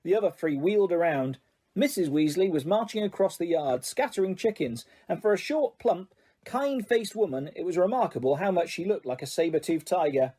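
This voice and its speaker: An audiobook narrator reading a story in a soft, hushed, even way. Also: medium pitch, a little fast, husky.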